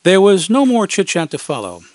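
A man's voice: high voice, wildly swooping pitch, normal speed, darkish tone, no room sound. A man reads a wry, scripted first-person story for an amateur radio program. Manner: wry, dry humor, acted quotes. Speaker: radio segment commentator.

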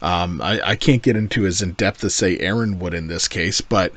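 A man's voice: low voice, normal speed, fairly bright tone, dry recording. A man co-hosting a film podcast, laid-back and profane, laughing easily. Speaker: podcast co-host reviewing a film. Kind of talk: casual chat.

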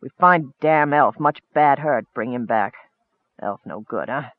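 A man's voice: mid-range voice, a little slow, dry recording, phone-quality sound, voice pushed down, close to an everyday voice. A man voicing a nervous male goblin hunter who talks in choppy broken grammar, in an audiobook.

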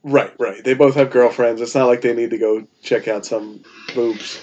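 An easygoing man chats on a podcast and chuckles often. His voice sits at a middle pitch. The audio has a muffled, lo-fi quality. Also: fairly even intonation, moderate pace, a little mellow. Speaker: podcast co-host. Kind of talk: casual chat.

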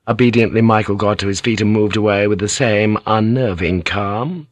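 A man's voice: steady tone, moderate pace, few pauses, no room sound. A man narrating an audiobook in a scripted style, shifting his voice slightly for characters. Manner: voices characters with light shifts in pitch and broken English.

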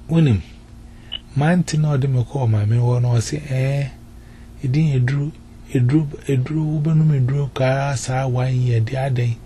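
A man's voice: mid-range voice, dark tone, a little hiss or hum. A man giving a personal testimony, repeating himself and mixing English words into his talk. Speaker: testimony giver.

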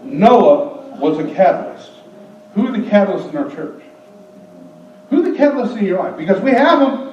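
A man preaching a lively, comic sermon, gasping for effect and acting out voices. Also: sits high, moderate pace, slight background noise. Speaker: pastor. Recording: echoey church, distant mic, dull.

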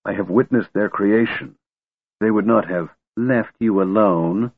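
A man's voice: fairly low pitch, a little slow, creaky, slightly rough, no room sound, heavily acted. A man voicing Raistlin, a cold sardonic mage. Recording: tinny narrow-band recording.

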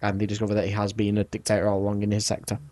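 A man's voice: lowish voice, completely flat delivery, racing, mellow. A man in casual podcast chat, stubborn and laughing often. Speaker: podcast co-host.

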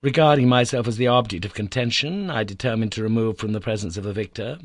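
Reading fast in a lowish voice, a man performs a classic adventure novel as first-person narration with dramatic emphasis. It's an audiobook in studio quality, with no echo.

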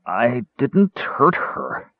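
A man voicing a frightened, ashamed warrior who mumbles bleakly and slowly, on a tinny narrow-band recording. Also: mid-range voice, wildly swooping pitch, no room sound, exaggerated voice.

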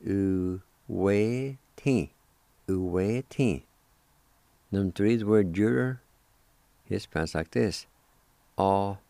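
A man hosts a radio language lesson, spelling and pronouncing words with patient repetition. His voice sits very low and mellow, and he talks slowly. The recording is dry and close. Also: vocal fry, no echo. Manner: patient, repeats each word several times.

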